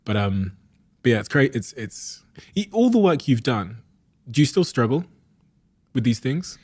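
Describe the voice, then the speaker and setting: A man hosting a podcast, speaking in a thoughtful, slightly halting way. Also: medium pitch, sing-song, darkish tone, slightly rough, no echo. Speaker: podcast host. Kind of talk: casual podcast conversation.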